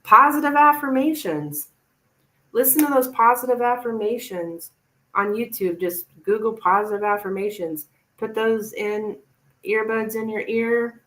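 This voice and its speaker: A woman's voice: a little high, measured pace, fairly bright tone, poor audio. A woman tarot reader giving a chatty, reassuring live-stream reading to a viewer.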